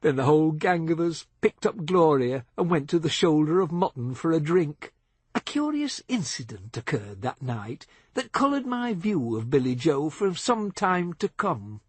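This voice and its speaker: Husky male audiobook narrator. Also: fairly high pitch, dry recording. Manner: measured, expressive storytelling. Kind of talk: scripted novel narration.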